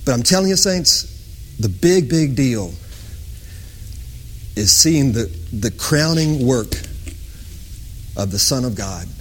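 A man preaching a sermon with passion, sometimes chanting lines and sometimes dropping to a hushed whisper. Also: medium pitch, lively intonation, slow, long pauses, a little hiss or hum. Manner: impassioned, swings from loud sung-out lines to hushed whispers.

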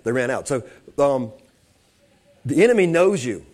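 A man's voice: medium pitch, animated, unhurried, darkish tone. A man preaching a sermon, telling stories with many restarts and building to fervent emphasis. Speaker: pastor.

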